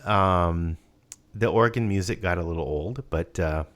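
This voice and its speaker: A man's voice: deep voice, measured pace, fairly bright tone. A man co-hosting a podcast, chatting casually and rambling with many restarts and fillers. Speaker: podcast co-host. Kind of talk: casual chat.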